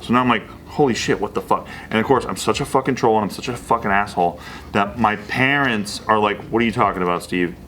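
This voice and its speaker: Profane, animated male storyteller. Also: lowish voice, brisk, slight background noise. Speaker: podcast co-host. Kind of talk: casual storytelling chat.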